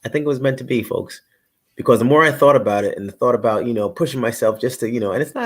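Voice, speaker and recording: A man's voice: mid-range voice, quick pace, a bit bright. A middle-aged man hosting a live stream, chatting casually in a rambling way, repeating himself and greeting viewers by name. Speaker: livestream host.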